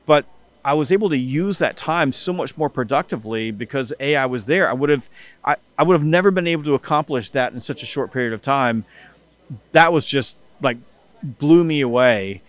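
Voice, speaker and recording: A male podcast guest who tells his stories with energy and slips into quoted voices as he goes. His voice sits at a middle pitch for a man, with a relaxed conversational pace. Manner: animated, acts out quoted dialogue. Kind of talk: conversational interview storytelling.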